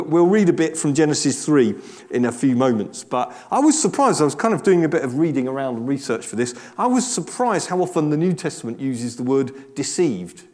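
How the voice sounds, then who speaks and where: A man's voice: on the high side, a little mellow. A man preaching a conversational sermon, chatty and self-deprecating with frequent restarts and asides.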